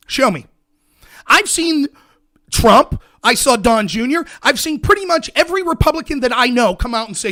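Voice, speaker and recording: Furious profane man ranting, high-pitched. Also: big pitch swings, a little fast. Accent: American. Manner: furious, profane, shouting at viewers. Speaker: livestream political host. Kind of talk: angry political rant.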